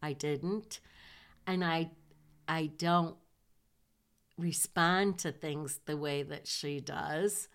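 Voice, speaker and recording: A woman's voice: low-pitched, very slow, long pauses. An older woman from Michigan recounting her time in the Navy, acting out past conversations with laughter. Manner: animated, acts out past dialogue with laughs. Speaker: Navy veteran telling her story. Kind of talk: personal storytelling.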